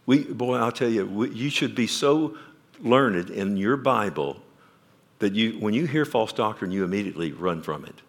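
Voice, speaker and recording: Emphatic preacher, loud then quiet. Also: male voice, on the low side, animated, moderate pace. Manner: asks the congregation questions. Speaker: pastor. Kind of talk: sermon.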